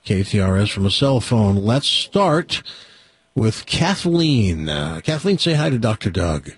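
A man hosting a call-in radio show, jovial, with quick asides to his guest. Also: fairly low pitch, sing-song, husky, no echo. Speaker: radio host.

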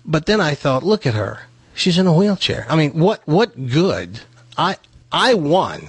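Husky-voiced radio guy from tennessee telling a story, does all the voices, dry close mic. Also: fairly high pitch, measured pace, no room sound. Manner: animated storyteller acting out quoted dialogue. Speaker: radio host. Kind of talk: storytelling on a radio talk show.

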